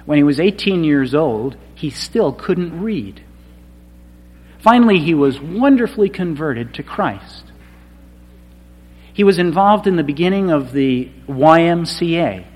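Slow dramatic preacher in a reverberant hall. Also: male voice, a little high, expressive. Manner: slow, dramatic delivery swinging from quiet to shouted. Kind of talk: sermon.

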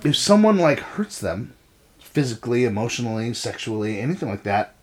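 A man's voice: mid-range voice, sing-song, fairly quick. A middle-aged man co-hosting a casual talk show, blunt and swearing freely as he tells stories about raising his kids. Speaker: podcast co-host. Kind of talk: casual chat.

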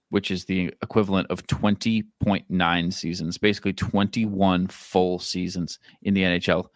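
A man co-hosting a sports podcast, laying out stats in a slow, deliberate way. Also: low voice, flat delivery, no echo, clean studio sound. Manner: deliberate, spells out stats slowly. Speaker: podcast co-host. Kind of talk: casual sports chat.

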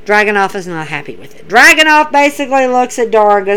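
A woman hosting a casual wrestling recap, excitable and animated, acting out what the wrestlers say. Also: mid-range voice, fast talker, hardly any pauses, clean tone, rough recording. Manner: excitable, animated, acts out quotes.

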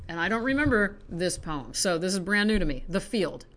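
In a casual poetry reading vlog, an American woman reads poems aloud at home, chatty and self-deprecating, wandering into asides between them. Her voice is lowish, animated, and fairly quick.

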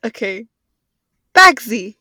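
A woman's voice: fairly high pitch, big pitch swings, slow, bright, forceful tone, no echo. A woman co-hosting a podcast, casually quizzing her co-host on slang and teasing her with hints. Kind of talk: casual chat, slang guessing game.

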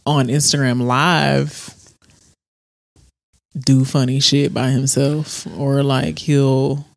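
A woman's voice: very deep voice, takes it slowly, gravelly, no room sound. A woman co-hosting a casual podcast, talking frankly and telling stories with mimicked quotes. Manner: candid, animated storytelling with mimicked quotes; explicit, frank commentary. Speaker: podcast co-host.

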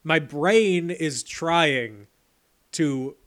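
A man's voice: fairly high pitch, animated, extremely slow, fairly bright tone. A man co-hosting a podcast, recapping a movie's plot in wry, laid-back casual chat. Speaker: podcast co-host.

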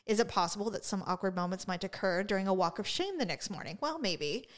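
A woman co-hosting a podcast, telling stories in casual chat, animated and profane, laughing often. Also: medium pitch, fast. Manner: profane, chatty. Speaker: podcast co-host.

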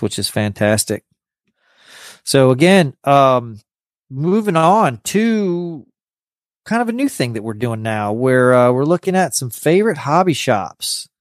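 A man hosting a hobby podcast in casual chat, halting and restarting his sentences often. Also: mid-range voice, lively intonation, no echo, studio quality. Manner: halting, with many stammered restarts. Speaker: podcast host.

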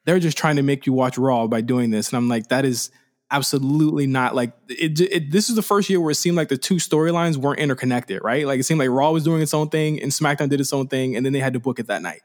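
A man co-hosting a casual wrestling podcast, talking in an animated way and repeating words as he starts sentences. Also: medium pitch, quick pace. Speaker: podcast co-host.

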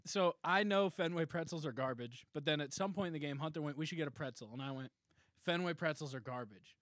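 A man's voice: fairly high pitch, fast, fairly bright tone, no echo, clean studio sound. A young man from New co-hosting a podcast, telling a rambling story, swearing freely and laughing through it. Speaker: podcast co-host. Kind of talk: casual storytelling chat.

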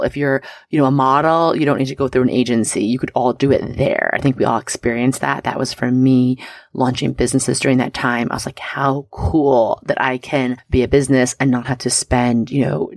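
A woman's voice: rumbling low, dry recording, clean studio sound. A woman in her thirties hosting a spirituality podcast, talking in a chatty, bubbly way full of fillers and little laughs. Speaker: podcast host. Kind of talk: casual chat.

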